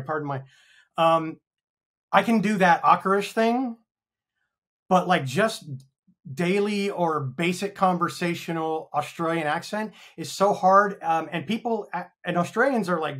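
A man's voice: fairly high pitch, moderate pace, fairly bright tone. An American man of fifty, talking frankly in a casual interview, rambling with many ums and swearing freely. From United States. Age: 50s. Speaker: actor guest.

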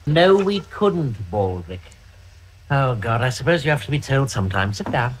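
An actor with a posh English accent playing a sardonic, scheming courtier in a TV sitcom, sarcastic and cutting. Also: male voice, mid-range voice, sing-song, moderate pace, slight background noise, lightly acted. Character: sardonic, scheming male courtier, quick and contemptuous.

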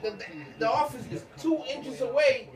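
A man teasing and ranting in an animated, joking way as he talks to the camera, repeating himself for effect. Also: very high-pitched, moderate pace, echoey room, recorded from a distance, a crowd in the background, poor audio.

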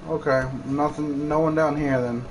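A man's voice: fairly high pitch, steady tone, normal speed, background noise. A man streaming a game, chatting to himself and to viewers as he plays. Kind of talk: live game commentary.

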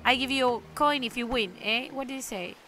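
A woman voicing an old cryptic man who loves games, speaking in a slow, solemn, riddling way. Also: a little high, pushed and bright, faint music behind.

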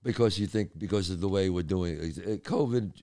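A middle-aged man with a New York accent hosting a casual interview, reacting with enthusiasm and quick laughs. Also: sits low, mellow. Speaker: podcast host.

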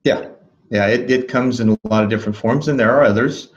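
A man being interviewed as a life coach, recounting a memory in a calm, thoughtful way with soft laughs and restarts. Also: mid-range voice, a little fast, muffled recording. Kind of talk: reflective interview storytelling.

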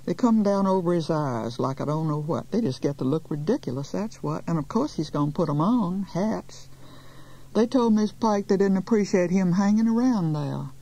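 A woman's voice: on the low side, lively intonation, normal speed, warm tone, pitched above the performer's own voice, low-quality recording. A woman voicing a gossipy, talkative beautician with a folksy Southern accent. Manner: chatty, folksy, drawling.

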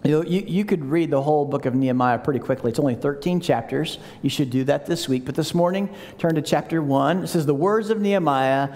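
Male pastor, pitched high, chatty storytelling sermon in a reverberant sanctuary. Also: brisk, few pauses, a little mellow. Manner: conversational storytelling, acting out scripture quotes. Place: large church sanctuary. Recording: long church hall reverb.

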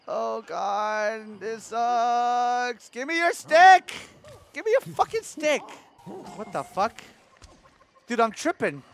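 A man streaming a video game, talking to his chat in excitable, profane commentary that breaks into sudden yelps and shouts. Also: very high voice, measured pace, creaky, soft background music. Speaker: gaming streamer.

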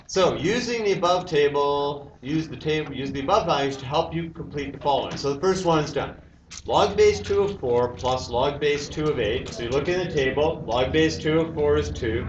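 This math teacher, a man with a medium-pitched voice, walks his class through the material step by step and quizzes the students. The recording is muffled, picked up by a roomy, distant classroom mic with hiss.

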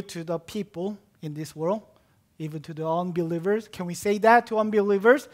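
The preacher's voice sits high and moves at a moderate pace as he gives his sermon. Repetition of key words drives his points home, while he shifts between loud exclamations and quiet near-whispers.

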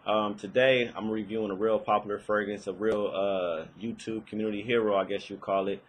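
A man's voice: fairly low pitch, fairly even intonation, brisk, husky, poor audio. A young man giving a casual, rambling fragrance review, with many fillers and restarts.

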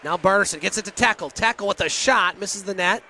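A man calling hockey play-by-play in rapid, clipped phrases, with chatty asides to his partner and listeners. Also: sits high, bright, forceful tone, a little hiss or hum. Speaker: play-by-play announcer.

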